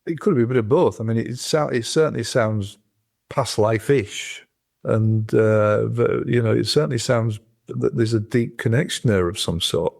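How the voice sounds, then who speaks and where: A man's voice: mid-range voice, normal speed, gravelly, darkish tone. A man being interviewed as a hypnotherapist guest, speaking emphatically and insistently. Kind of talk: podcast interview.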